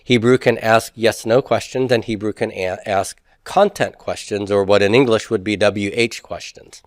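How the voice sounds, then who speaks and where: A man teaching a Hebrew grammar class in a relaxed lecture, joking and acting out example questions. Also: fairly low pitch, moderate pace, no room sound, studio quality.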